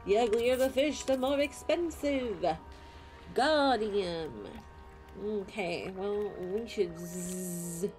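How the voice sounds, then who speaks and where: A playful young woman chatting her way through a game stream, unhurried and giggly, with sudden squeals that leap high and drop back down. Her pitch sits in the middle of her range, and faint game music plays underneath. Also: darkish tone. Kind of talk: casual live-stream game commentary.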